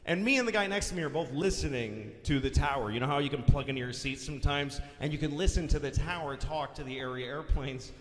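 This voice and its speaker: A man telling a stand-up story, animated and profane, often shouting his punchlines. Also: medium pitch, fast, few pauses. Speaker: stand-up comedian. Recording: reverberant live venue, faint hiss.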